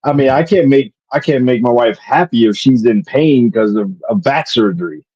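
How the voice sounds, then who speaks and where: A man with a mellow, relaxed voice talks on a podcast about marriage, working his thoughts out aloud with plenty of restarts. His audio is dull and lo-fi. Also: mid-range voice, moderate pace, slightly rough. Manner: thinks aloud with many restarts and fillers. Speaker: podcast co-host. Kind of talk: casual podcast chat.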